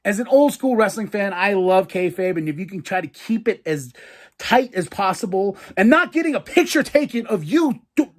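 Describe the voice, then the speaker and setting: A man hosting a podcast, casually reviewing wrestling matches in an excitable, profane way, acting out his own reactions. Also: fairly high pitch. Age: adult with a daughter. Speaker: podcast host.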